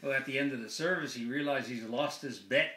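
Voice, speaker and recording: A man telling a long joke in a relaxed, unhurried storytelling manner. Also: medium pitch, slight background noise. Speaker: joke teller. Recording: echoey room.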